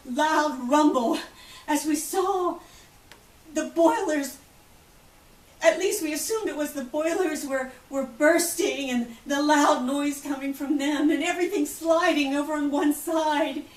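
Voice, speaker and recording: An actress giving a theatrical first-person monologue as an outspoken, wealthy woman who survived the Titanic, telling the story vividly and acting out the voices of others. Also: high voice. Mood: anguished. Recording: roomy, distant, faint hiss.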